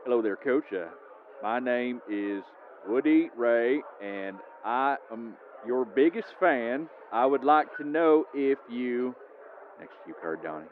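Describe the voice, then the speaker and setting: A man's voice: mid-range voice, animated, fast, lightly acted. A man playing a nervous, over-eager small-town fan who stammers and giggles. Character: nervous, starstruck small-town male superfan. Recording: lo-fi phone-like audio with faint hiss.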